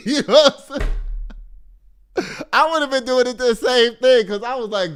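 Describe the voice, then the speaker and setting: A man from Texas, hosting a casual commentary show in an animated, profane and mocking way. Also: very high voice, a little slow, pauses often, clean tone. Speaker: host.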